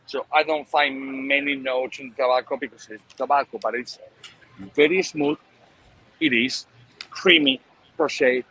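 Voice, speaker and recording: A man with a non-native English accent, a cigar company owner chatting casually and explaining in a halting way. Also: medium pitch, animated, bright, forceful tone, a little hiss or hum, low-quality recording. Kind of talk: casual chat on a call.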